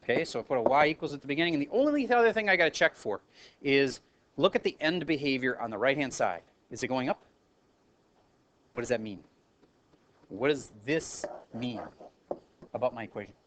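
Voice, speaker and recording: Male math teacher, casual and self-correcting, mid-pitched, classroom recording with faint noise and clicks. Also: fairly bright tone. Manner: casual, self-correcting, calls on students by name. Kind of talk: classroom lesson at a whiteboard.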